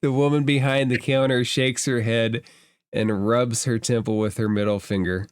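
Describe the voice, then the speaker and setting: A man narrating a tabletop game as game master, slow and deliberate. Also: mid-range voice, fairly even intonation, clean tone, no room sound, clean studio sound.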